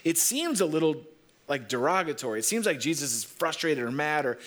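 A man preaching a sermon, telling stories and repeating phrases slowly for emphasis. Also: on the high side, big pitch swings, fairly bright tone. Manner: storytelling preacher, leans on repetition and slows down for emphasis. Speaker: pastor.

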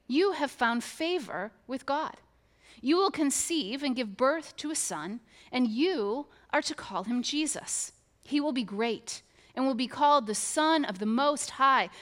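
A woman delivers a sermon in a high, bright voice. She reads scripture and then retells it with animated, humorous storytelling. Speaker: preacher.

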